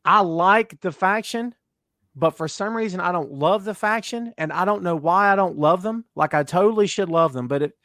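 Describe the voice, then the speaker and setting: A man from North Carolina with a softened Southern accent, hosting a wrestling podcast with blunt opinions and lots of restarts. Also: sits high, normal speed, dry recording, studio quality. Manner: animated, self-interrupting, blunt opinions. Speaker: podcast host. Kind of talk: casual wrestling chat.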